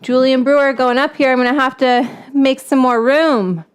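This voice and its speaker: A chatty, playful woman hosts a casual cooking livestream from her home kitchen, with a self-mocking sense of humor. Her voice is high, clear, and resonant, and she talks at a normal speed.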